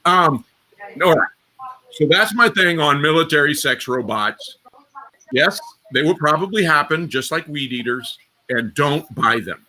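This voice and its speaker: A middle-aged man hosting a live stream, telling rambling war stories in a casual, animated way with sudden loud bursts. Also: fairly high pitch, a little slow. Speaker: host.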